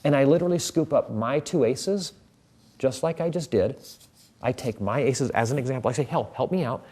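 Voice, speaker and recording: A man's voice: mid-range voice, normal speed, dark tone. A man teaching a card trick in a casual tutorial, chatting as he handles the cards.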